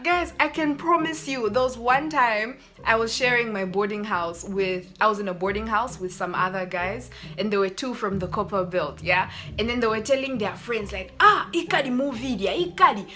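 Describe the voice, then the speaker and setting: A woman's voice: medium pitch, normal speed, hardly any pauses. A young woman, chatting animatedly in a sit-down vlog and mimicking people. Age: 20s. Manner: animated, laughing, mimics others. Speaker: YouTuber. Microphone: phone camera.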